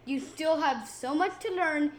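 A woman co-hosting an interview, speaking slowly and agreeably in casual talk. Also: sits high, background noise. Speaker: co-host.

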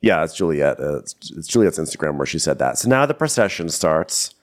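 Middle-aged male co-host, very low voice, swings up and down a lot while gossiping and laughing. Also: sing-song, fairly quick. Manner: chatty storyteller, laughs often, mimics quotes. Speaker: podcast co-host. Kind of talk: comedic recap chat.

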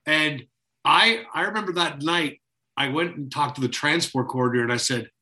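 A man casually reminiscing about working on a TV show, telling lively and detailed stories. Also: on the high side, normal speed, poor audio. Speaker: co-worker on the show.

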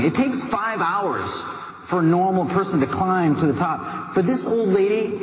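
A man giving a motivational talk, telling a personal story in a lively, conversational way with asides to the listener. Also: high voice. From United States. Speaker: motivational speaker. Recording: echoey hall with background noise.

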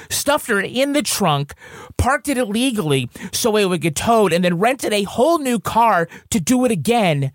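A man co-hosts a casual podcast, walking through the plot in dry, sarcastic summaries. His pitch moves lively up and down, and the sound is close and dry. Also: no room sound. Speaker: podcast co-host. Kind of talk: casual chat recapping a TV episode.

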